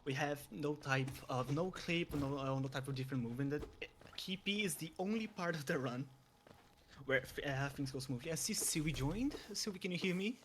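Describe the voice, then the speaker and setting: A young man commentating a live speedrun, eager and stumbling over restarts with quick chuckles. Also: fairly high pitch, a bit bright, slight background noise.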